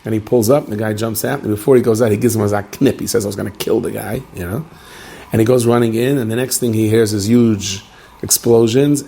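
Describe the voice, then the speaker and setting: A man speaking as a rabbi, giving a Purim talk to a live audience as an animated storyteller who banters with his listeners. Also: lowish voice, creaky.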